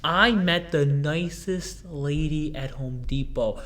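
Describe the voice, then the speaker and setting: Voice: mid-range voice, slow, a bit bright. A young hardware store worker telling a casual vlog story in a rambling, digressive way, full of "like".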